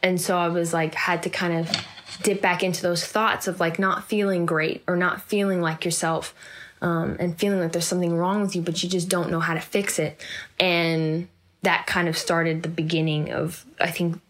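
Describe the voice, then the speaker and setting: Young woman, low-ish voice, candid rambling interviewee. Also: little pitch movement, normal speed, a bit bright, slight background noise. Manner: rambling, reflective, many fillers and restarts. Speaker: actor being interviewed.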